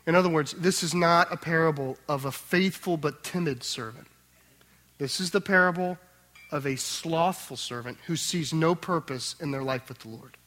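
A man preaching a sermon, swinging between loud emphatic passages and quiet tender asides. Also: a little high, normal speed. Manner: acts out the master's voice in quotes. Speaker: pastor.

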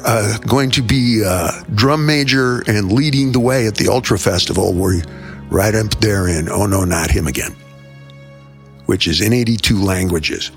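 A man's voice: on the low side, fairly bright tone. An older man hosting a show, telling rambling jokes in a theatrical, self-mocking way. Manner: theatrical, joking, self-mocking, wanders off topic. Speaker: host. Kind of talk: rambling comic monologue.

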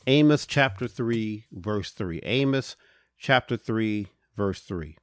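Low-voiced preacher with a lilt. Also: male voice, expressive, slow pace, no echo, studio quality. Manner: preacherly, addresses listeners directly as brothers and sisters. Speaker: pastor and podcast host. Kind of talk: podcast sermon.

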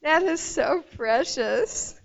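Woman pastor, preaching, slow deliberate delivery, higher voice, muffled lo-fi sound. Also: lively intonation, creaky. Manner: emphatic and emotional preaching. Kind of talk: sermon.

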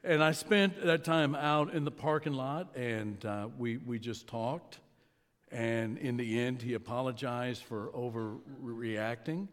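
A man's voice: mid-range voice, steady tone. Man preaching in a reverberant hall. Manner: storytelling, conversational with pauses. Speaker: pastor. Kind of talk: sermon. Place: church sanctuary. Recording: long reverb of a large hall.

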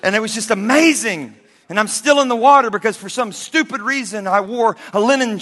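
A middle-aged male pastor preaching a sermon, telling stories with animated energy and bursts of shouting. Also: sits high, brisk. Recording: long hall reverb.

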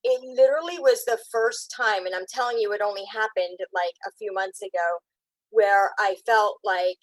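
A woman's voice: medium pitch, moderate pace, dry recording, low-quality recording. Tearful, heartfelt woman telling her story. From Pennsylvania. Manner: rambling, heartfelt, breaks up tearfully. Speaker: podcast guest, realtor. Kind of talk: emotional personal storytelling.

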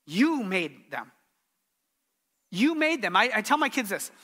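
A man's voice: sits high, very animated, unhurried, pushed and bright. A middle-aged man preaching a sermon as pastor, earnest and emphatic, repeating his key phrases.

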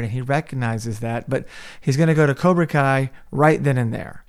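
A man's voice: medium pitch, a little fast, vocal fry. A man co-hosting a podcast, casually breaking down a movie scene by scene and acting out the characters' lines. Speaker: podcast co-host.

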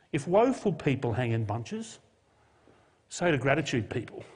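A man preaching a sermon, swinging from loud emphatic lines to soft, quiet ones. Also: mid-range voice. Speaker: pastor. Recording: long hall reverb.

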